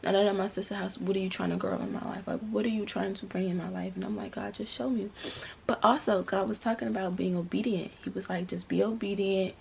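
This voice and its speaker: Gravelly-voiced young woman telling a story. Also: mid-range voice, quick pace, hardly any pauses, a little hiss or hum. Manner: animated, talks straight to viewers, faith-filled testimony. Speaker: vlogger. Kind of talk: casual storytelling to viewers.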